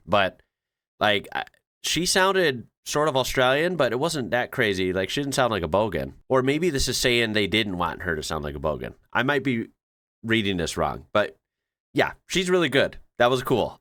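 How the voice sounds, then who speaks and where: A man's voice: medium pitch, a bit bright, dry recording, clean studio sound. An American man hosting his channel, chatting casually as he reacts to things he reads, rambling and often correcting himself. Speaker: channel host.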